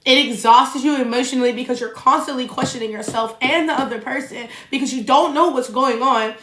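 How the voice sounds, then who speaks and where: A young woman hosts a solo podcast in a blunt, animated voice and swears freely. She talks straight to her listeners. Her voice rings a little in an echoey room. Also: sits high, a little fast. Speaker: podcast host. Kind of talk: casual solo podcast monologue.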